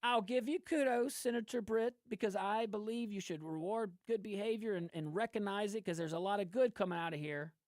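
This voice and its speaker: A man's voice: sits high, brisk, few pauses, no room sound, clean studio sound. A man hosting political commentary, ranting with lots of laughs. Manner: animated, ranting, laughs often. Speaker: host.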